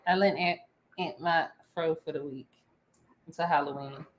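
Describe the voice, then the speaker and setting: A woman's voice: low voice, fairly even intonation, normal speed. A woman co-hosting a casual chat show, playful and rambling, often breaking into giggles. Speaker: podcast co-host.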